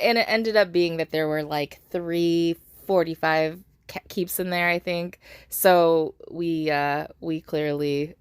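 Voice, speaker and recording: A young woman talks through her gaming session in a loose, chatty vlog style, laughing often and circling back on her words. Her voice sits at a middle pitch. The recording is dry and close, with no room sound. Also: no echo. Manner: laughs often, breaks into giggles; chatty, rambling, frequent restarts and "like". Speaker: gaming channel host. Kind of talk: casual gaming vlog commentary.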